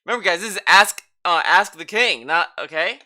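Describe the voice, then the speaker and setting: A man's voice: high voice, expressive, fairly quick, pushed and bright. A man reacting to a stream clip, mocking and sarcastic, swearing freely as he comments.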